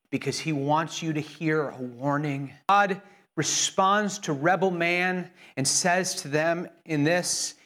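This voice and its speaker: Slow earnest male preacher. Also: fairly high pitch, fairly bright tone. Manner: earnest, repetitive, with frequent restarts. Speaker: pastor. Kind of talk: sermon.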